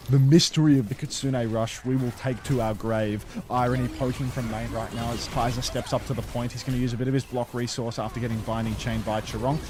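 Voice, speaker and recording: Play-by-play esports caster. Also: male voice, mid-range voice. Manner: teasing banter, rising excitement on plays. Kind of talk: play-by-play commentary.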